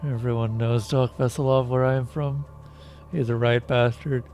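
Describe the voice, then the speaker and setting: Casting: a man as a tedious, droning game character who speaks in a flat monotone. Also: medium pitch, moderate pace, slight background noise, close to an everyday voice. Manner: boring monotone delivery. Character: dull, droning unshaven adult man.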